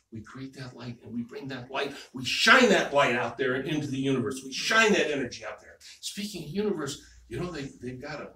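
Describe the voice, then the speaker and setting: A male minister giving a sermon in a relaxed, conversational way, repeating phrases and checking in with the congregation. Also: medium pitch. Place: church hall. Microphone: distant room mic. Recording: echoey hall, distant mic, faint noise.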